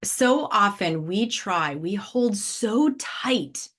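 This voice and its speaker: A woman's voice: medium pitch, lively intonation, very slow, fairly bright tone. A woman in her forties hosting a solo motivational podcast, talking in an upbeat, conversational way with lots of "right?" and "like". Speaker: podcast host.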